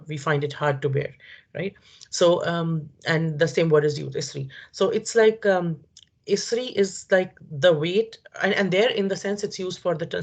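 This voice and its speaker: A Quran teacher giving a word-by-word scripture lesson, explaining slowly, repeating terms and often checking with "right?". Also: medium pitch. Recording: dull lo-fi recording.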